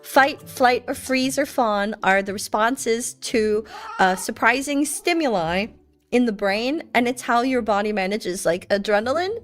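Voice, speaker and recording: A woman's voice: on the high side, unhurried, soft background music. A young woman streamer chatting casually with viewers, playful and teasing as she tells stories.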